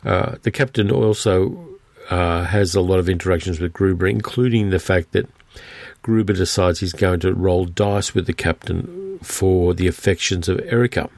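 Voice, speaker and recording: A man's voice: sits low, moderate pace, gravelly, a little mellow, no room sound. A man hosting a film podcast, talking through a movie in a conversational, rambling way with many fillers and restarts. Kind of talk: casual spoken film review.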